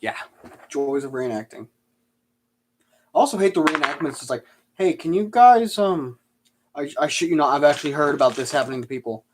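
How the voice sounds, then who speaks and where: A man's voice: medium pitch, a little fast, long pauses, slight background noise. A man chatting casually on a live stream, answering viewer questions and telling rambling, sarcastic stories.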